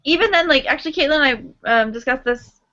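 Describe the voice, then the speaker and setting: A woman's voice: high-pitched, animated, fast, pushed and bright. A young woman in a casual book club discussion, speaking thoughtfully with many fillers. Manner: thoughtful, uses many likes. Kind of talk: casual chat. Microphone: video call. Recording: dull lo-fi sound.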